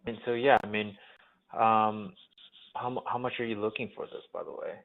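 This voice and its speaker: A man on a sales call, speaking flatly and hesitantly. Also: fairly low pitch, moderate pace. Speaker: sales rep on a seller call. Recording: tinny phone line.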